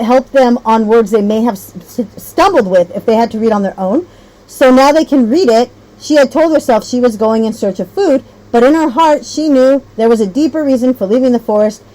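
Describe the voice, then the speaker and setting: A woman's voice: fairly high pitch, darkish tone, rough recording. A woman training teachers on a reading method, rambling a little, correcting herself and checking in often. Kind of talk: teacher training talk with read-aloud demos.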